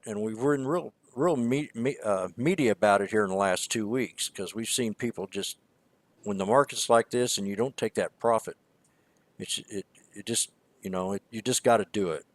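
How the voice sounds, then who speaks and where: Low-voiced man rambling about trades. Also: normal speed, no echo. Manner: rambling, emphatic, repeats words. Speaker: stock trading show co-host. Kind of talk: casual market commentary.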